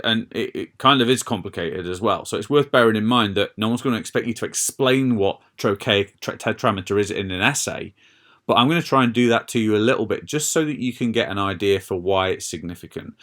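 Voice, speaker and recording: A man's voice: fairly low pitch, a bit bright. A man, explaining a lesson over notes and checking in with "all right" and "okay". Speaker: English teacher.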